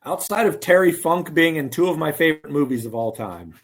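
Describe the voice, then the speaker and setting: Wry bantering man with a lively voice. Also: on the high side, brisk. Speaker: podcast co-host. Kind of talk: casual chat.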